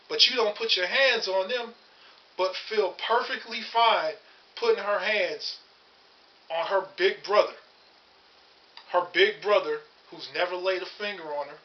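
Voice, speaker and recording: A man in his thirties telling his story to camera in a blunt, profane, angry rant. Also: high-pitched. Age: 30s. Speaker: vlogger. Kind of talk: angry personal monologue to camera. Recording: dull lo-fi audio.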